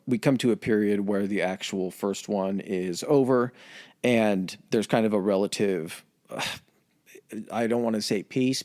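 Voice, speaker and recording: Low-voiced man in profane history chat. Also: darkish tone, dry recording, studio quality. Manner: profane, conversational. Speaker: podcast co-host. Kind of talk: casual comedic history chat.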